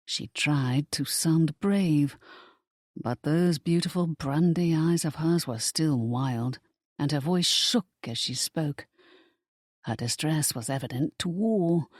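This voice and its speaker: An audiobook narrator reading a historical romance in an even storytelling manner. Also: mid-range voice, slow pace, no room sound, studio quality. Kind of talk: scripted narration.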